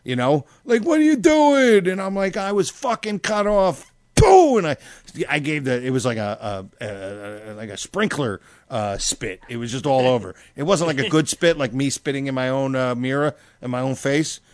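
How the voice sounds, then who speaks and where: A man in casual chat, telling stories with lots of swearing and acting out his own shouting. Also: medium pitch, moderate pace, no echo. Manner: profane, animated, acts out his own yelling.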